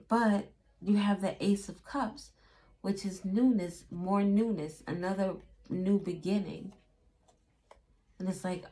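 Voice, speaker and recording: A woman's voice: medium pitch, steady tone, slow pace, long pauses, mellow. A woman giving a casual tarot reading, chatty and acting out little quotes in playful voices. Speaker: tarot reader.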